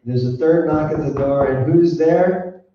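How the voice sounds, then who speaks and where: A man narrates a spiritual story in a slow, mellow voice, playful and laughing as he quizzes his listeners. He is heard from a distance in a very echoey room. The sound is dull. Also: fairly high pitch. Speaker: spiritual teacher.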